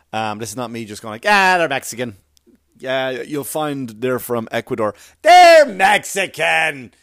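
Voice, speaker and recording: A man's voice: mid-range voice, no room sound, studio quality. A man doing a rambling, profane stand-up comedy routine full of conversational asides.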